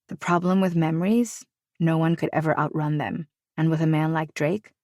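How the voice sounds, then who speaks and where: A woman narrating a romance audiobook in the first person, with steady, even storytelling. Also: deep voice, dry recording, studio quality.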